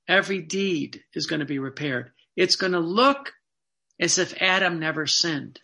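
A man's voice: high voice, vocal fry, pushed and bright. A man giving a Catholic sermon, reading devotional passages aloud and explaining them in plain, earnest asides. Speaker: Catholic preacher.

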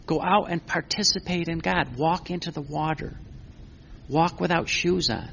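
Gravelly preacher man on a muffled recording. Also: fairly high pitch, lively intonation, moderate pace, slight background noise. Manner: asks rhetorical questions and answers them himself; earnest, repeats words while building a point. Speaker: Catholic preacher. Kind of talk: sermon.

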